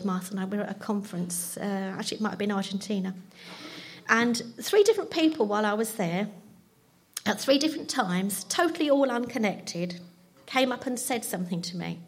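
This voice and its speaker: A woman's voice: fairly high pitch, slightly rough. A woman, giving a chatty, self-deprecating personal testimony at church. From London. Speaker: church speaker.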